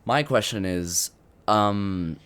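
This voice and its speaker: A man's voice: on the low side, slow pace, a bit bright, clean tone. A young man giving unscripted commentary on a video game update, rambling with many fillers and restarts. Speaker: gaming youtuber.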